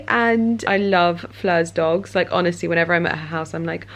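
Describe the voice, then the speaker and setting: A woman's voice: a little fast, hardly any pauses, lo-fi sound. Chatty woman vlogging. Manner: chatty, animated, jumps to high baby talk with her dog. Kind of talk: casual vlog chat.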